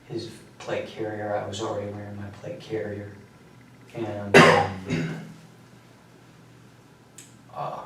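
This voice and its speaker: Teen male suspect, halting and quiet; distant mic, echoey room, faint hiss. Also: lowish voice. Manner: quiet, halting, with many fillers. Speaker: suspect under interrogation. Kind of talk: recounting events in a police interview. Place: interrogation room.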